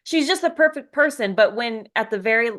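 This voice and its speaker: A woman's voice: a little high, expressive, brisk, a bit bright. A woman co-hosting a podcast in casual chat, teasing and sincere by turns. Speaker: podcast co-host and author.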